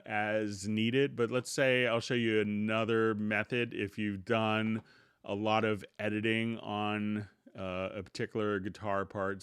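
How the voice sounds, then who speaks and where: A middle-aged man hosting a live software tutorial stream in a relaxed, unhurried way, greeting viewers by name before he demonstrates. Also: on the low side, smooth, dry recording, clean studio sound.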